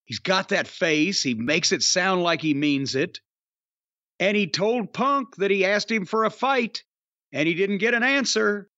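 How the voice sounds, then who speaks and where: A high-pitched man hosts a podcast, blunt and profane, hitting his points with sharp rising stresses. His voice sounds dry and a little dull, like a lo-fi microphone in a dead room. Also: lively intonation, a little slow, dry recording. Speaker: podcast host reviewing wrestling. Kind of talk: casual podcast chat.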